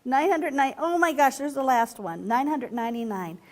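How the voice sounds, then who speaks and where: A woman reading a picture book aloud to a group of children, playful and animated, stopping often to ask them questions. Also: high voice, moderate pace. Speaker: children's storyteller.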